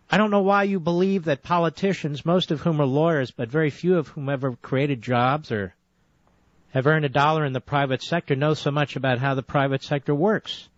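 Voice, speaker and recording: A man's voice: on the high side, no room sound. A man hosting a call-in radio show, lecturing a caller insistently and cutting him off to press his point. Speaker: radio talk show host. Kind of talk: combative call-in radio debate. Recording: dull, dry lo-fi radio audio.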